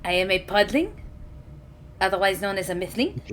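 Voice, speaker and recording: A woman playing a polite, formal mythling warrior in a tabletop role-playing game, speaking with steady composure. The voice sits at a middling pitch with a faint hiss behind it. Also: normal speed, lightly acted. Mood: calm. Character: calm, sturdy mythling warrior with a hammer.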